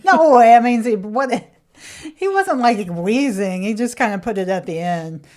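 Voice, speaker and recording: A woman's voice: a little high, lively intonation, measured pace, darkish tone. A middle-aged woman co-hosting a podcast in casual chat, rambling and correcting herself as she goes, laughing often. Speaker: podcast co-host.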